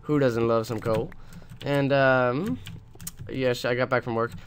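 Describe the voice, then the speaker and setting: A young let's play host talks over his own gameplay in a mid-range voice, keeping a fairly even intonation and a measured pace against slight background noise. He's sarcastic and rambling, ranting and restarting his sentences as he chats casually.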